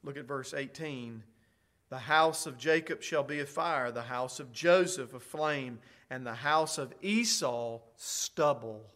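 A middle-aged man preaching a sermon, reading scripture and explaining it, slow and emphatic, swelling into loud declarations. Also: medium pitch.

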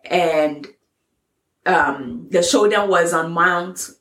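A woman's voice: lowish voice, measured pace, a bit bright. A woman co-hosting a faith podcast, chatting casually and laughing as she explains a Bible story. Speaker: podcast co-host. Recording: echoey room.

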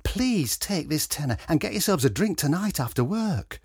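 A kindly, fussing elderly woman from a storybook, put on by a man reading aloud. Her voice sits higher and flutters up and down with motherly chatter. The tone is slightly husky and close, with a dry sound. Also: very animated, normal speed, darkish tone, no room sound, heavily acted. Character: kindly older woman homeowner, fussing and gentle.

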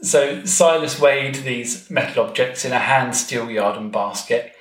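A man's voice: mid-range voice, fairly even intonation, a little slow, fairly bright tone. Man telling a family story, roomy sound. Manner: chatty, with frequent ums and wry asides. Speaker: guest author. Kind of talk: podcast storytelling about family history. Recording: roomy echo.

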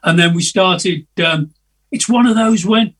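In an unhurried, high-pitched, slightly bright voice, an older musician guest rambles through casual stories on a video call. He is hesitant and chatty, regularly laughing at his own tales, and sounds a bit distant from the mic.

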